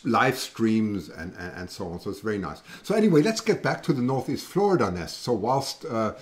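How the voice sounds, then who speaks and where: A man with a German accent hosts a relaxed livestream and rambles from one thought to the next. He reads out viewer comments as he goes, and his voice sits at an ordinary middle pitch. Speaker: livestream host. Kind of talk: casual livestream chat.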